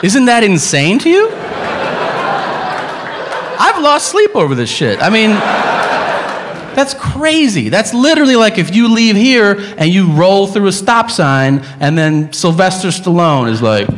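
A man's voice: high voice, big pitch swings, unhurried, big-room sound, noisy background. A male stand-up comedian ranting in an incredulous, profane way.

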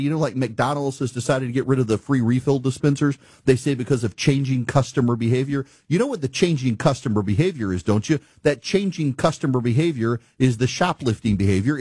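A man with a husky, slightly breathy voice speaks in a middle pitch, rolling through an exasperated monologue. The sound is dry and close, with little room around it. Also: darkish tone, no room sound. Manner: ranting, incredulous, laughing at his own stories. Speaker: talk show host. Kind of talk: casual monologue.

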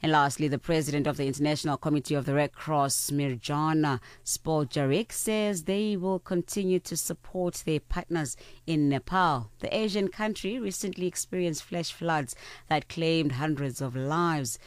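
A man reading the news on the radio in a measured, formal way. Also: a little high, clean tone, dry recording. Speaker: news anchor.

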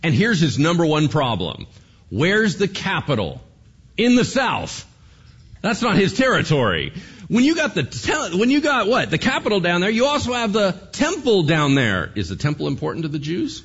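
Lively, husky-voiced male preacher. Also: high voice, normal speed, muffled recording. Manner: animated, conversational, acts out quotes, asks the audience questions. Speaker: pastor. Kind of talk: sermon.

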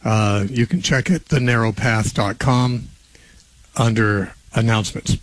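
A man hosts a live call-in radio show in a relaxed, conversational way. His voice is a touch rough, as if not yet warmed up, and he clears his throat now and then. The studio sound is dry and close. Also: mid-range voice, a little slow, no echo. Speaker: radio talk show host.

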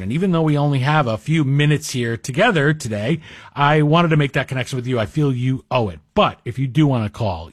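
A man's voice: medium pitch, breathy edge, no room sound, studio quality. A man guest hosting a talk radio show, chatting in a wry, self-deprecating way. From Greek heritage. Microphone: studio microphone.

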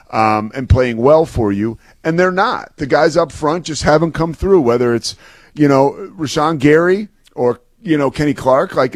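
A man's voice: mid-range voice, no echo. Casual man talking football, dry sound. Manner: conversational, filler-heavy, repeats words when starting. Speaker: sports talk co-host. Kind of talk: casual sports talk analysis.

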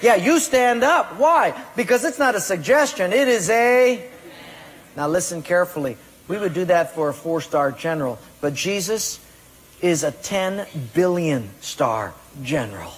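A man's voice: high voice, animated, a little slow, slight background noise. A man preaching a sermon to a congregation, emphatic and firing rhetorical questions at them. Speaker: pastor. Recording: long hall reverb.

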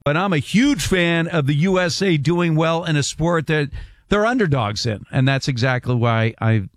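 A man's voice: a little high, lively intonation, moderate pace, no echo, studio quality. Chatty male sports radio host. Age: middle-aged. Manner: chatty, explains sports facts. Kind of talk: casual talk radio chat.

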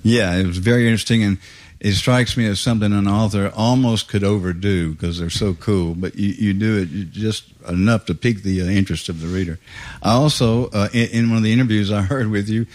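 A man's voice: on the low side, steady tone, fairly quick, darkish tone. A man interviewing an author, conversational and joking, with some hesitant restarts. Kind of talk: interview questions.

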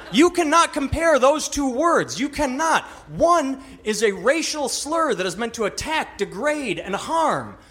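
A man performing a stand-up comedy set, mocking and animated, acting out the voices of other people. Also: very high-pitched, slow pace, few pauses, husky.

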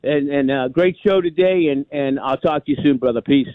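Calling in to a sports radio show over a tinny telephone line, a New York man in his sixties rambles emphatically and repeats himself a lot. His mid-range voice comes at normal speed in a dry recording.

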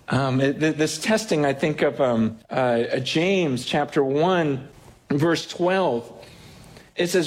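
A man's voice: fairly high pitch, animated, takes it slowly. A pastor preaching a sermon in a conversational, storytelling way, often restarting his sentences.

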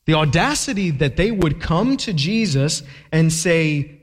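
A man's voice: fairly high pitch, very animated, unhurried. A man preaching a sermon as pastor, emphatic and fond of rhetorical questions, with a long echo from a large hall.

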